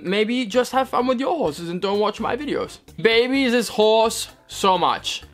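This young man's voice is fairly high and fairly bright, his accent a mix of British and American. An equestrian vlogger, he casually reads viewer comments and replies with wry sarcasm aimed at himself.

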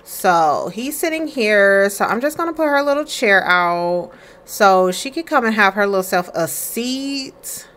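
A woman's voice: mid-range voice, lively intonation, unhurried, fairly bright tone. A woman casually commenting on her life-sim game, chatty and playful, talking to her characters. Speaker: let's play streamer.

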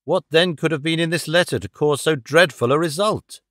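A man voicing a keen adult male detective who asks sharp, crisp questions. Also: a little high, a little fast, no echo, studio quality, natural voice. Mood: shocked. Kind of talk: audiobook character reading.

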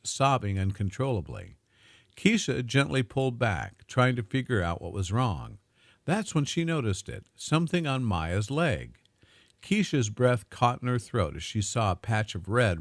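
A man smoothly narrating a dramatic story in a scripted, storytelling manner. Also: lowish voice, no echo, studio quality.

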